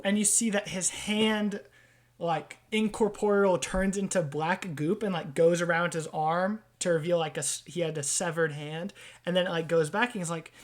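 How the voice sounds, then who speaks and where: A woman's voice: on the low side, fairly even intonation, moderate pace. Woman game master, loose and casual. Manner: casual, loose, full of fillers. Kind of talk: narrating a tabletop game.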